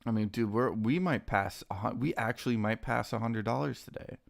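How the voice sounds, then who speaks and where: Excitable young man streaming trades. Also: fairly low pitch, fairly quick, gravelly. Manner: excitable, talks to chat and his dogs, says dude a lot. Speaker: stock trading livestreamer. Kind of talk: casual live-stream chat.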